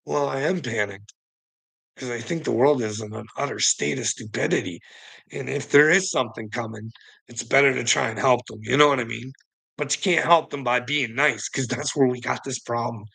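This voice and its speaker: Man, vlogger, agitated rambling rant, gravelly and husky with a bright edge, laughs often, swears freely. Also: medium pitch, normal speed. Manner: heavy swearing, frequent nervous laughs, agitated. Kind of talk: rambling monologue to camera.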